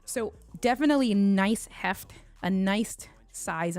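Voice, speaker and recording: A woman's voice: medium pitch, unhurried, a little mellow, no echo. A woman from Puerto Rico hosting a casual livestream unboxing at home, chatting and bantering with viewers in the chat. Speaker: tech livestream host.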